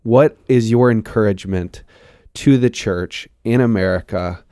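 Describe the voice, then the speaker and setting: A man hosting a conversational interview, asking questions in an earnest, quick way. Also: on the low side, warm tone, no room sound, studio quality. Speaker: podcast host.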